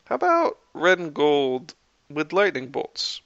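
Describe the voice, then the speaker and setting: A man's voice: fairly high pitch, huge pitch swings, takes it slowly, no room sound, lo-fi sound, voice pushed up, exaggerated voice. A man voicing a brash breezy young woman. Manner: breezy, loud slangy yelling.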